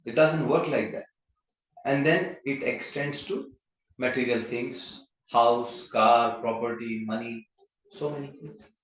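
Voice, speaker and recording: A man of middle pitch gives an easygoing scripture class, telling everyday stories and slipping Sanskrit terms into his talk. His voice rings through a very echoey temple hall. The recording sounds muffled and dull. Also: slow pace, slight background noise. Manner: anecdotal, mixes Sanskrit terms into plain talk.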